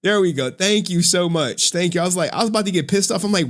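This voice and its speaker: A man streaming live, giving commentary in an animated, exasperated rant with frequent swearing. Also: sits high, quick pace, few pauses.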